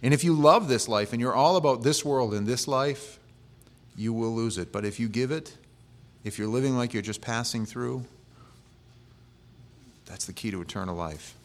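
A man's voice: medium pitch, moderate pace, pauses often. A male pastor preaching a sermon in a conversational way, with humorous asides.

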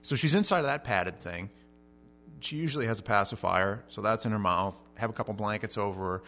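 A middle-aged man preaching a sermon, telling stories with lively swings in pitch and loudness and often repeating words as he starts a sentence. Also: brisk, a little hiss or hum. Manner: animated storytelling with big swings in pitch and loudness. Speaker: pastor.

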